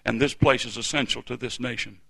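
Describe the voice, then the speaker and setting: A man's voice: medium pitch, steady tone, a little fast, creaky, fairly bright tone, husky, no echo. A man in his fifties from the United States preaching a sermon in a church, with emphatic call-and-response delivery. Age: 50s.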